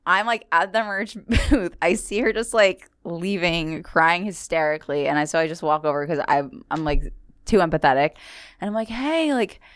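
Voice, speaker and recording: A woman comedian hosting a podcast, telling a story with lively acted-out quotes in a higher voice. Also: normal speed, smooth, dry recording, studio quality. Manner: animated storyteller, acts out quotes in a high voice. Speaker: podcast host. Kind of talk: casual chat, storytelling.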